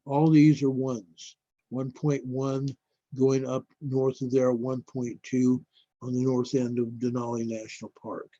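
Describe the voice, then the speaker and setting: A man hosting a casual live stream, talking viewers through earthquake reports in a rambling, unhurried way and calling them folks. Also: mid-range voice, dark tone, no room sound. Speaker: livestream host. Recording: dull lo-fi dry stream audio.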